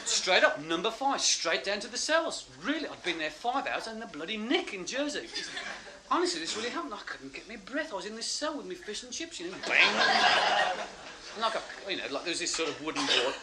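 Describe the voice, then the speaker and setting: A man telling a story in stand-up, animated and laughing as he talks. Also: high-pitched, brisk. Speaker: comedian. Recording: loud noisy live recording.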